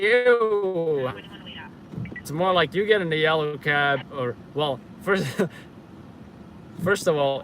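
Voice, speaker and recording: A man's voice: on the high side, a bit bright, rough recording. Rambling man streaming from a car. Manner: rambling, filler-heavy, self-correcting. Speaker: live-stream host. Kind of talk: casual live-stream chat answering viewers. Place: inside a car. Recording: car and street noise.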